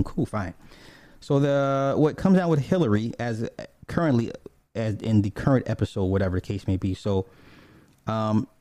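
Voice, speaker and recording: A man's voice: fairly low pitch, mellow, dry recording. A man casually retelling a TV episode, rambling and profane, with many restarts and asides.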